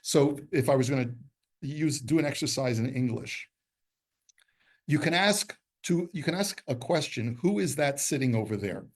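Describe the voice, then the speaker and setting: A man's voice: mid-range voice, animated, normal speed, breathy edge. A man teaching a Torah class, explaining texts step by step, quoting Hebrew passages and putting questions to his students. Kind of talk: classroom lesson.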